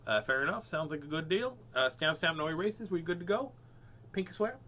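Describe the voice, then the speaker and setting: A man's voice: on the high side, animated, fairly quick, pushed and bright, pitched above the performer's own voice. Man doing a laid-back little dude monkey. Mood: casual. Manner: easygoing dude slang, bargaining.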